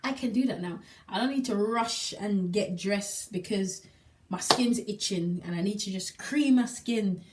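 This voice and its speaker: A woman's voice: mid-range voice, measured pace, very noisy. A woman telling her story in a personal testimonial vlog, emphatic and repeating words for effect. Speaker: single mother sharing a product testimonial. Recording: voice a little distant from the mic.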